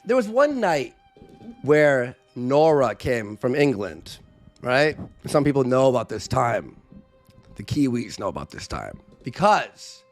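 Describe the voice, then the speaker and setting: A man casually telling a story on a live stream, animated, acting out what people said with shifting voice and volume. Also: mid-range voice.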